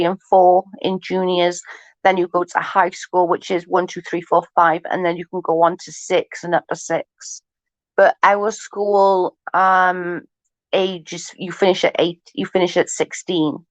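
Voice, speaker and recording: A chatty woman with a fairly low-pitched voice hosts a casual livestream, swearing freely and laughing often as she talks with viewers. There's no echo, and the stream audio is dull and lo-fi.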